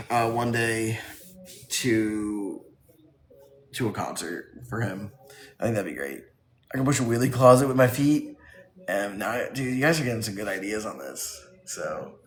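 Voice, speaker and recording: A man's voice: mid-range voice, echoey room, a little hiss or hum. A man on a casual live stream who laughs often while reading his chat aloud and riffing on its jokes.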